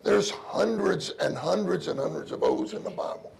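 A man giving an informal, earnest sermon at a meeting, crying out loudly when he calls on the Lord. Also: sits high, moderate pace, creaky, breathy edge. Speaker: preacher at a church meeting.

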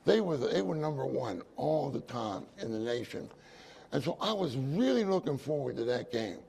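A man's voice: medium pitch, sing-song, moderate pace, gravelly, a little mellow, husky. A man preaching a sermon, telling a personal story with repeated phrases and asides to his congregation. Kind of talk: sermon testimony.

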